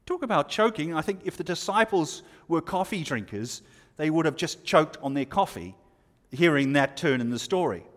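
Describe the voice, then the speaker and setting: In a hall with long reverb, a preacher with a slightly high, animated and fairly bright voice explains scripture verse by verse. His expository sermon includes pauses and rhetorical questions to the listeners.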